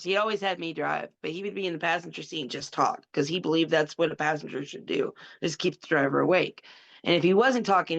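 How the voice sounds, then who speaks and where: A woman in her forties, a podcast guest telling a story in a blunt, animated way and swearing freely. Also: fairly low pitch, muffled recording. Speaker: podcast guest, former wrestler. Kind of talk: casual storytelling.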